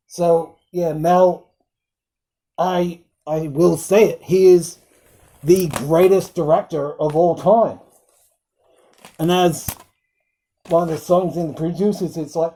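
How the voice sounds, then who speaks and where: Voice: medium pitch, fairly even intonation, takes it slowly, pauses often, mellow, poor audio. A film reviewer recapping scenes in casual chat, rambling with frequent ums and acting out quoted lines in bursts.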